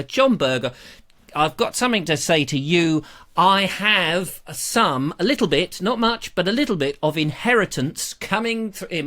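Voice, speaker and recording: Lively, bright-voiced English male host. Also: high-pitched. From England. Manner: chatty, rambling, jokey storyteller. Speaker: host of a live online show. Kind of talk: casual live-stream chat reading viewer comments. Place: back room at home. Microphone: camera.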